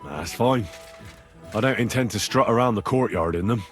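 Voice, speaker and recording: A man's voice: lowish voice, moderate pace, soft background music, close to an everyday voice. An actor playing an earnest young man, plain-spoken with a dry, wry humor. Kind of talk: video game dialogue.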